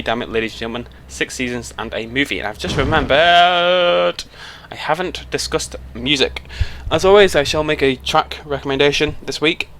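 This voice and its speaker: A man's voice: medium pitch, fairly bright tone, a little hiss or hum. Chatty British young man rambling on a road trip. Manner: chatty, rambling, self-interrupting. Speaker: YouTuber. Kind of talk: casual chat to camera. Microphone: headset mic.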